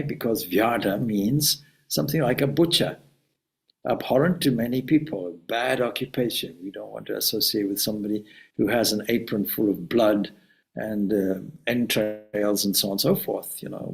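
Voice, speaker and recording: A man's voice: medium pitch, gravelly, poor audio. A man, a swami, giving a reflective spiritual talk and telling a story with asides.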